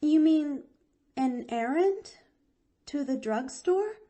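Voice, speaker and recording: A woman's voice: high voice, lively intonation, slow pace, dark tone, voice pushed up. A woman voicing an eager, cheerful young girl who speaks in breathless, pleading exclamations in a storybook reading.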